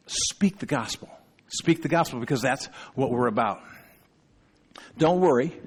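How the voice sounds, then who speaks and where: A middle-aged man preaching a sermon as pastor, emphatic and often checking in with the congregation. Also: fairly high pitch. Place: church sanctuary. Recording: long reverb in a church hall.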